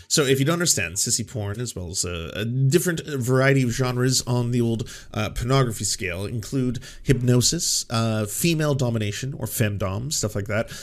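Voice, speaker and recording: A man's voice: mid-range voice, animated, moderate pace, few pauses. A man hosting a show, talking in casual, sarcastic and profane commentary and acting out quotes in mocking voices. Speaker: show host.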